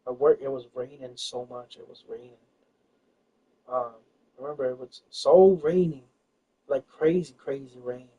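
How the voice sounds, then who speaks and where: A man's voice: mid-range voice, measured pace, pauses often, dark tone, husky. A man telling a personal story in casual chat, rambling and hesitant, full of fillers and restarts. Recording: distant, dull lo-fi recording.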